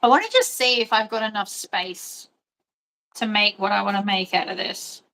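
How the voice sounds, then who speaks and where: A woman's voice: mid-range voice, moderate pace, bright, forceful tone. A woman chatting casually and rambling while she sews. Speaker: sewing host. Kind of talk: casual chat while sewing.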